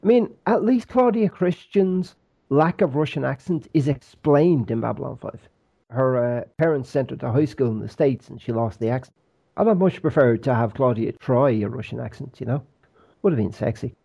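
Brief: man, podcast co-host, dry wit, dark mellow tone, dull recording. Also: mid-range voice, moderate pace, gravelly, slightly rough. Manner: dry, joking banter. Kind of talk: casual chat. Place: rented flat abroad.

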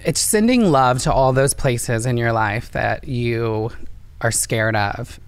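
A woman's voice: extremely low pitch, slow, clear, resonant tone, no echo. A woman from Indiana, telling her personal story earnestly and emotionally as an interview guest. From Indiana, USA.

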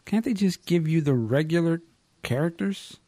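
A man hosting a casual podcast chat, animated, often exclaiming and laughing. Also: on the high side, normal speed, no room sound. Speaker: host.

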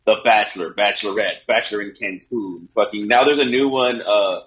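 Lower-voiced, swearing middle-aged man, lo-fi. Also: fairly quick. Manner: swears freely, ranting and excitable. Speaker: podcast co-host. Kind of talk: casual chat. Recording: dull, lo-fi sound.

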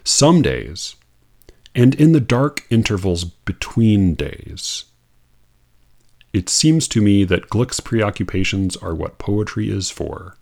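A man's voice: fairly low pitch, lively intonation, takes it slowly, vocal fry, a little mellow. A man reading out a poetry review and mocking it in an incredulous, exasperated monologue, with laughing asides. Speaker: poetry critic.

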